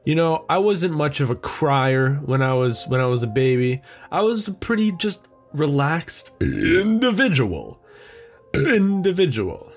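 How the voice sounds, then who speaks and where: A man's voice: a little high, big pitch swings, unhurried, soft background music. A young man hosting a podcast alone, rambling through a sarcastic, swear-heavy comedic rant. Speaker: podcast host.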